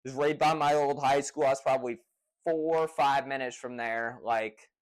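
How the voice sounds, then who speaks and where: A man casually retelling a personal story in a rambling, profane, excitable way. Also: medium pitch, normal speed, low-quality recording.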